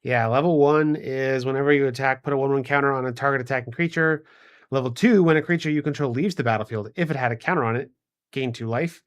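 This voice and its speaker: A man's voice: medium pitch, quick pace. Easygoing man bantering over card packs. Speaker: co-host of card game stream. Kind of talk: casual chat opening card packs.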